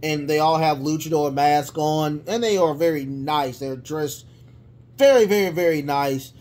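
A man recapping a wrestling show in a casual, rambling way, with many fillers and restarts and bursts of excitement. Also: on the high side, unhurried.

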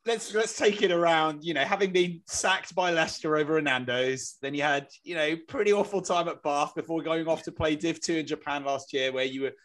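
A male podcast host with a somewhat high, bright, forward voice. He sets up his questions in a relaxed, conversational way. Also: a little fast, few pauses. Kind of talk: casual interview questions.

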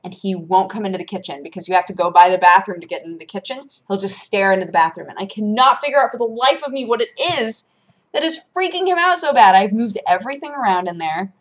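A woman talking casually to her camera at home. Her talk rambles and bounces, full of fillers, restarts and sudden jumps in pitch. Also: fairly quick. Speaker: vlogger. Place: home room.

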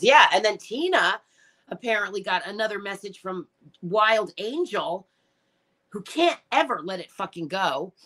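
In a casual live stream, a middle-aged host reads her chat and rambles, tearful and upset, launching into emotional, profane rants. Her voice sits fairly low in pitch with a slightly bright quality.

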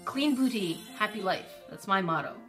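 A woman's voice: medium pitch, lively intonation, normal speed, fairly bright tone, soft background music. A woman gaming streamer giving casual let's-play commentary, playfully reading game text aloud and reacting to it.

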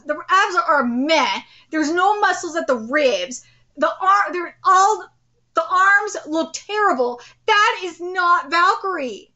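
High bright-voiced woman reacting to anime. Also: highs cut off. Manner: outspoken, swears freely, bursts into excited exclamations. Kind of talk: live reaction commentary.

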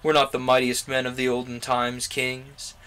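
A man's voice: medium pitch, completely flat delivery, moderate pace, a bit bright, clean tone, lightly acted. A man reading a novel aloud, voicing an ambitious, haughty young nobleman in a grand, declamatory way.

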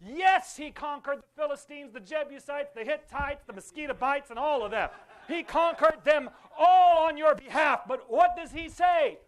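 Here the preacher's very high-pitched voice moves at a moderate pace with few pauses. He leads an impassioned call-and-response sermon, asking the congregation in the sanctuary to say his words back.

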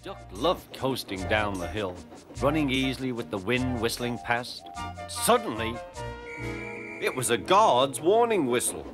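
A man narrating a children's cartoon in an expressive storytelling manner. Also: mid-range voice, unhurried. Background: music.

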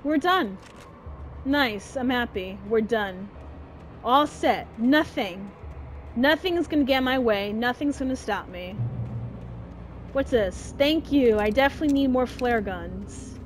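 A woman commenting on her own game playthrough in a casual, exasperated way. Her voice sits high and she talks slowly. A steady wash of noise and game sounds runs under her. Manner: chatty, exasperated, exclaiming at the game. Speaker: gaming channel host. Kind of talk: casual let's-play commentary.

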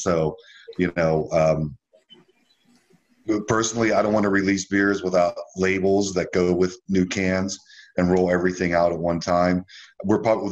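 A man with a very low voice chats loosely on a remote video call. He wanders through his thoughts, stalling on fillers as he hunts for the right word. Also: dull audio. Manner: rambling, searches for words with many fillers. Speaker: brewery owner guest. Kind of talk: casual podcast chat.

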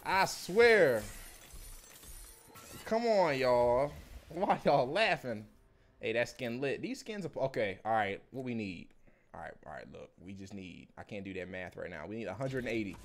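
Animated young streamer with lively pitch. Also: male voice, brisk, creaky. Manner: animated, swearing, slangy trash talk. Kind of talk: live-stream pack opening commentary.

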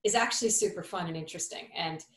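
A woman's voice: lowish voice, quick pace, reverberant, poor audio. A woman in her fifties from New Jersey with a slight New York accent, speaking thoughtfully and with animation in an interview, with many fillers and restarts. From New Jersey, USA. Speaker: actress, interview guest. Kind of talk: conversational interview.

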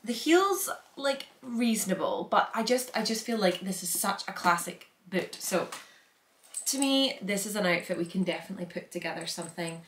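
A woman's voice: mid-range voice, expressive, moderate pace, a bit bright, roomy sound, a little hiss or hum. A young Scottish woman chatting casually through a packing vlog, rambling with lots of filler words. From Scotland. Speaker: vlogger.

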